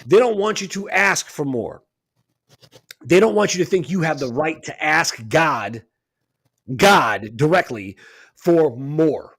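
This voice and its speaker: A man co-hosting a spiritual talk radio show, speaking in a fairly high, husky voice. He lectures with emphasis and drives each point home with rhetorical "right?" questions. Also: expressive, slow, pauses often, fairly bright tone. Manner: emphatic, preachy, keeps asking "right?".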